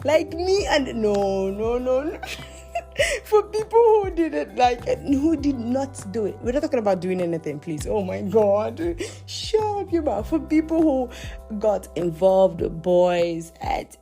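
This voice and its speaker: Animated woman telling a confession. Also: on the high side, measured pace, faint music behind. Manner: animated, self-talking, laughing asides. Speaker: podcast host. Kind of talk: casual confessional storytelling.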